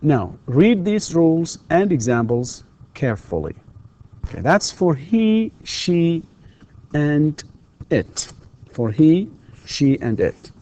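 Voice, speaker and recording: A male English teacher, talking through a recorded grammar lecture in a mellow, warm-toned voice. He swaps between quick explanations and slow, careful English example sentences. His questions rise noticeably at the end. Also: a little high, sing-song. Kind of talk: distance-learning grammar lecture.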